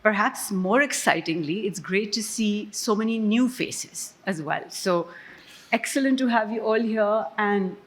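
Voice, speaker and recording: A woman's voice: mid-range voice, unhurried. A woman, an economist speaking on a conference panel in a conversational storytelling manner. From Pakistan. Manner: conversational, self-deprecating storyteller. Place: conference stage before an audience.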